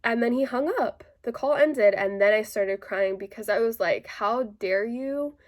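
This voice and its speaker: A woman's voice: mid-range voice, normal speed. A woman casually telling a personal story to her viewers, chatty and full of "like" fillers, with an indignant edge. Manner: indignant retelling.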